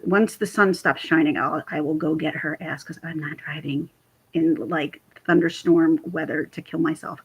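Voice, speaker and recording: Husky-voiced woman in her forties. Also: on the low side. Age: 40s. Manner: rambling, animated storytelling. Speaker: vlogger chatting with live viewers. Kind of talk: casual livestream chat. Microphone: computer mic.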